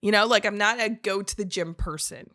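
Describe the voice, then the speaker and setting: A young woman co-hosting a podcast in casual chat, giggly, animated and rambling. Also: medium pitch, fairly quick, no room sound, clean studio sound. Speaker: podcast co-host.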